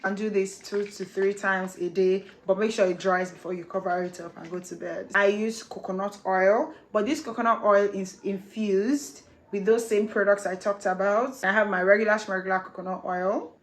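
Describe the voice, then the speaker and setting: A young adult woman chatting excitedly to camera as a hair vlogger, playful and talkative. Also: mid-range voice, normal speed, few pauses. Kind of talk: casual chat to camera.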